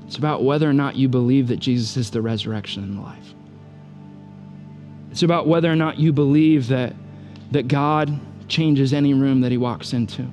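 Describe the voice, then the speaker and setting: A man's voice: mid-range voice, normal speed, a little mellow, soft background music. A man preaching a sermon as a pastor, retelling the story in a casual, joking way and building to urgent, repeated appeals.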